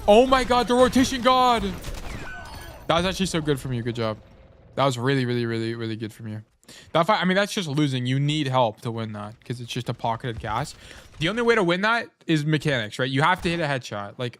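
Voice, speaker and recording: A man's voice: fairly high pitch, fairly bright tone, a little hiss or hum. Blunt, profane male game coach. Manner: blunt, swears freely, corrects himself often; talks while eating. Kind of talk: casual gameplay review coaching.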